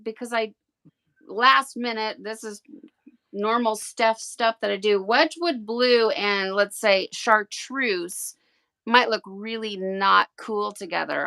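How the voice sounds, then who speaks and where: A woman chatting on a craft livestream, thinking out loud and stumbling over her words as she asks questions. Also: mid-range voice, takes it slowly, creaky. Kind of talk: livestream craft demo chat.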